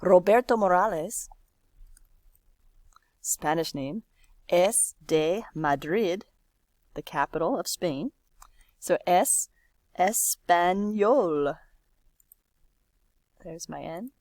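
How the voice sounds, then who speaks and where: A woman teaching a lesson with a lowish voice and a very unhurried pace, drawing out words so learners can follow. She is recorded close on a dry microphone with no room sound. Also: a little mellow, no echo. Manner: explains slowly, stretching out words for learners. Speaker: Spanish teacher. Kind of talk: screen-recorded lesson walkthrough.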